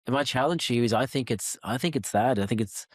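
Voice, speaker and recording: A man's voice: mid-range voice, quick pace, dry recording, studio quality. Probing podcast host, man. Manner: probing, challenging, presses for answers. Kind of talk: casual interview conversation.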